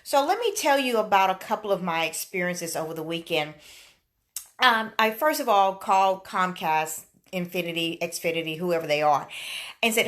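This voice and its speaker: A woman's voice: medium pitch, moderate pace. A woman counselor hosting a live online show, chatting casually and telling stories with lots of fillers, a little out of breath. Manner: chatty, animated storytelling with many fillers. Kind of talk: casual live-stream chat.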